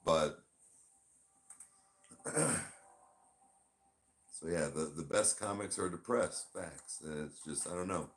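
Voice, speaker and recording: A man co-hosting a casual podcast, talking loosely and swearing, switching between a chirpy service voice and a flat low one. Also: takes it slowly, long pauses. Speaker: podcast co-host; bartender.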